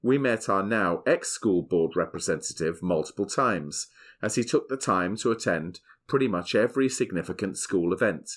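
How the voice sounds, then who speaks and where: A middle-aged man, hosting a podcast with measured, scripted explanation. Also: low voice, animated, a bit bright. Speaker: podcast host. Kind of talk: scripted podcast narration and family chat.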